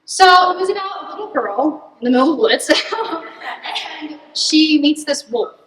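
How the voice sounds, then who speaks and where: A young woman in her late teens giving an earnest, animated student presentation and answering questions, laughing at herself now and then. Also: high-pitched, a little slow, a little hiss or hum. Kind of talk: presentation speech and Q&A. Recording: echoey hall, distant mic.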